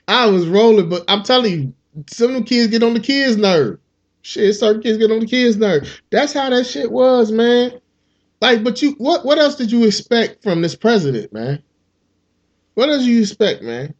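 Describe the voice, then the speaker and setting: Profane high-voiced comedian man. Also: normal speed, dull audio. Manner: animated, profane, slips into character voices. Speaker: podcast host, comedian. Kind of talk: casual comedic monologue.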